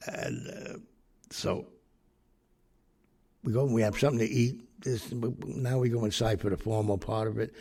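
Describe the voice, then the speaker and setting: A man's voice: fairly low pitch, a little slow, creaky, pauses often, a little mellow, husky. An older man tells a rambling, profane anecdote, full of fillers and restarts. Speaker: storyteller. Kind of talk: casual anecdote.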